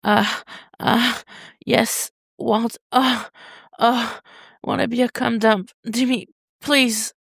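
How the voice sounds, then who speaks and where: A reader voicing a needy young male lover with a soft, whimpering, pleading way of speaking. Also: extremely high pitch, flat delivery, slow pace, vocal fry, husky, no echo, clean studio sound, pitched above the performer's own voice, heavily acted.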